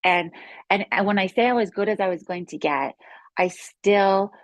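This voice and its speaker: A woman who is a yoga instructor tells her healing story in a casual, excited, rambling way, with many restarts. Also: mid-range voice, moderate pace, no echo. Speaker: guest sharing a healing testimony. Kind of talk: casual spoken testimony.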